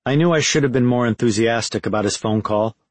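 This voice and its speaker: A male audiobook narrator reads first-person prose in a measured, reflective tone. His voice sits at an average pitch. The recording is close and dry, with no room echo.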